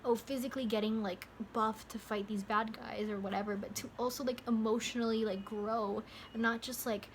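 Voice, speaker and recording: A woman's voice: fairly high pitch, steady tone, fairly quick, few pauses, a little hiss or hum. A young woman talking casually to camera in a movie review vlog, rambling and interrupting herself with lots of fillers. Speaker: vlogger.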